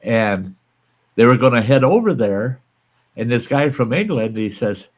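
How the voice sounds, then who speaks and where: A man's voice: medium pitch, lively intonation, a little slow. An older American man, a channel host, telling a folksy story in casual chat and chuckling as he goes. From American West.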